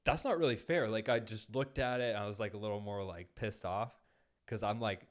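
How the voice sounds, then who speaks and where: Speaking fairly quickly in a fairly low voice with fairly even intonation, a man co-hosting a podcast rambles through a long casual story. He says "like" a lot and performs the quotes, recorded on a studio mic.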